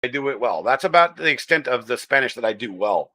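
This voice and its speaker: Greeting his viewers by name, this American livestream host keeps up a casual, wandering chat in a General American accent. His medium-pitched voice is sharp in tone, quick and lively in intonation.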